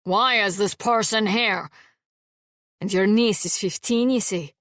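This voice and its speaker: A woman's voice: medium pitch, a little slow, fairly bright tone, no echo, studio quality, lightly acted. A woman reading an audiobook and voicing a pompous, cowardly young male cousin who blusters. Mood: blustering.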